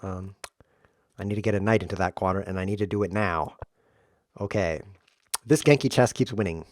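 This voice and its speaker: A man hosting a chess stream, joking through playful deadpan tangents and mock lectures while he plays. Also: low voice, brisk, no echo, studio quality. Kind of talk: rambling comedic commentary while playing.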